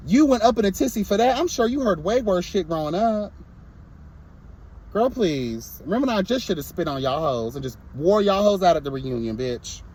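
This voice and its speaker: A man's voice: high-pitched, expressive, normal speed, darkish tone, husky. A young man reviewing a reality show in a casual vlog, sassy and blunt, breaking into mocking impressions.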